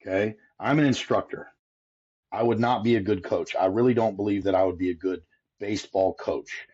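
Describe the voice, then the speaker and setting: Ein Mann mit tiefer, rauer Stimme erklärt als Schlagtrainer im lockeren Interview nachdrücklich seine Sicht und wiederholt dabei gern Formulierungen. Die Aufnahme klingt dumpf und etwas lo-fi. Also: male voice, fairly low pitch, a little fast, darkish tone, breathy edge. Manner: emphatic, explains with repeated phrasing. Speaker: hitting instructor, podcast guest. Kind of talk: casual interview talk.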